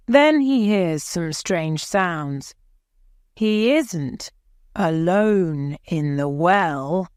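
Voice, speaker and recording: Woman storyteller for learners; low, clear, deliberate, close dry mic. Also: no echo. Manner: slow, even, carefully pronounced reading. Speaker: narrator. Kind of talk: scripted narration of a graded reader story.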